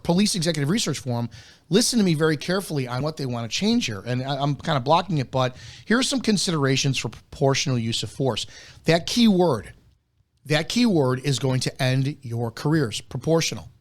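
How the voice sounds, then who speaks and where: A man hosts a live commentary show and lectures officers in a blunt, insistent way. His voice sits at a middle pitch for a man. He hammers key words by repeating them and trips over frequent false starts. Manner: blunt, emphatic, repeats key points, swears; stumbles and restarts often. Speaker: host of a live policing analysis show.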